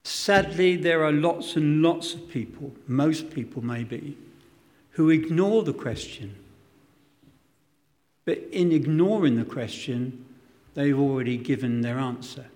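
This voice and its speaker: Preacher in a reverberant hall. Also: male voice, on the high side, slow, darkish tone. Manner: dramatic, emphatic, acts out quotes, self-deprecating humour. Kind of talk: sermon.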